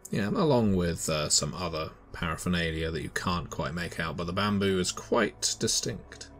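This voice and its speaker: A man narrating a tabletop horror game as game master, describing scenes in a measured way. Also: deep voice, animated, fairly bright tone.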